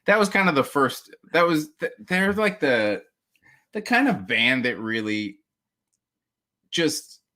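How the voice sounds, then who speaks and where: A man's voice: fairly high pitch, big pitch swings, takes it slowly, pauses often, sharp tone. A man chatting casually as a podcast guest, rambling with many restarts, laughing often and acting out what other people said. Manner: acts out quoted people in mock voices. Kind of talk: casual chat.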